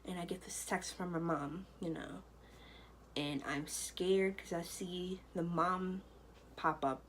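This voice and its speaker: Young woman, casual vlog storyteller, slightly low voice, chatty and rambling. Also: fairly even intonation, takes it slowly, a little hiss or hum, poor audio. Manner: chatty, loose, full of "you know" and "like". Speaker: vlogger. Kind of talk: personal storytelling to camera.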